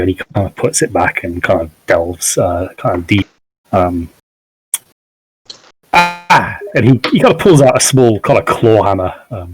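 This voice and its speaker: A man narrating a tabletop game as game master, halting and full of fillers. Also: deep voice, poor audio. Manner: halting, many fillers and hedges.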